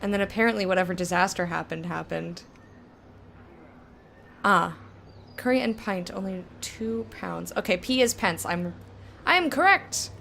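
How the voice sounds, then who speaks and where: Chatty young woman with a gravelly edge. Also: fairly low pitch, normal speed, pauses often, slight background noise. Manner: chatty, thinks aloud, jumpy bursts of excitement. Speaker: let's play streamer. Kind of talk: casual game commentary.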